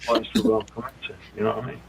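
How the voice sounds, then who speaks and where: Fast, low-voiced joker, deadpan teasing, clear room noise under him. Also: male voice. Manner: quick, teasing, deadpan jokes. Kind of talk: casual chat.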